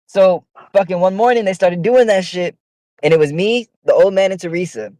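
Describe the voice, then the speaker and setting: A man's voice: high voice, moderate pace, warm tone, no echo, low-quality recording. A man telling a long, profane story on a casual podcast, with heated delivery. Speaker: podcast co-host.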